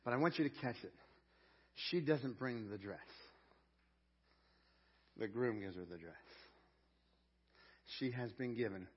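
A male pastor preaching a sermon, repeating key phrases and swinging between loud proclamation and hushed storytelling. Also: medium pitch, measured pace, pauses often, breathy edge, lo-fi sound.

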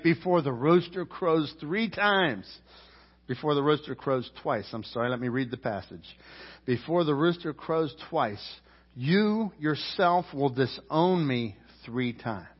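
A man preaching a sermon as pastor, emphatic, swinging from loud climbs to low quiet drops. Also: breathy edge. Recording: roomy church hall, dull lo-fi sound.

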